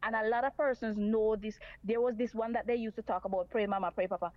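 A woman's voice: fairly high pitch, fairly even intonation, fast talker. Earnest woman on a muffled line. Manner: earnest, repeats her points. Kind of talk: talk radio call-in.

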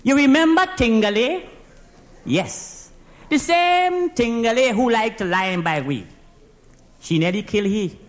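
With a high voice and a Trinidadian accent, a man delivers a comic monologue as one half of a phone call. Playing a driving instructor reporting to his boss, he talks in dialect, tells the story excitedly, and tacks "sir" onto nearly every phrase.

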